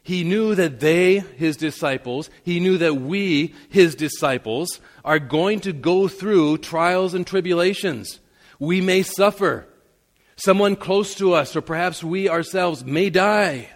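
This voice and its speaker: A male pastor delivers an earnest Sunday sermon, sometimes building to emphatic declarations. His voice sits a bit high for a man, and a long reverb trails it through the sanctuary. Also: slow.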